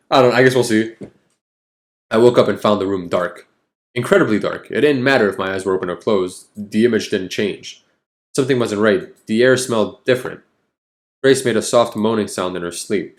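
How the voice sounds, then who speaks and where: A man reading a story game aloud, with wry, exasperated asides between passages. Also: lowish voice. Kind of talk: narrating and commenting casually.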